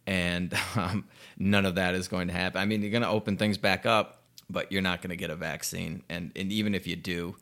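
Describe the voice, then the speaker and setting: A young man with a somewhat low voice rants about politics, swearing freely. He sounds sarcastic and exasperated, with short laughs breaking into his sentences. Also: fairly even intonation, a little fast, fairly bright tone. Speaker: political commentator. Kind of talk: casual political rant.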